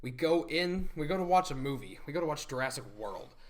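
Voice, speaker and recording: A man's voice: animated, brisk. Give me a young man, a podcast host, rambling through a story with his friends. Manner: rambling, acts out quotes in high voices. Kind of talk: casual storytelling chat.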